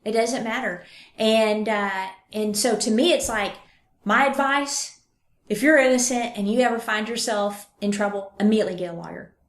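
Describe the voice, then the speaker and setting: A woman hosting a true crime podcast, retelling a case with lively acted-out quotes. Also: mid-range voice, normal speed, roomy sound. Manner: animated, acts out quotes. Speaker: podcast host.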